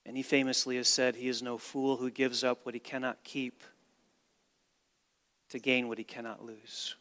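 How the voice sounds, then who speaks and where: A man preaching a sermon as pastor, with dramatic swings from hushed to loud and emphatic delivery. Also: mid-range voice, little pitch movement, normal speed. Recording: long reverb of a large hall.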